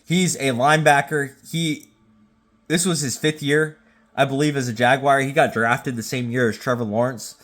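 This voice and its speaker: A man who has been drinking hosts a casual rating video from home, rambling and stammering with sudden excited bursts. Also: medium pitch, normal speed. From Jacksonville, Florida. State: tipsy from drinking. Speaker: YouTube host. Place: at home with a phone. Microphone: phone.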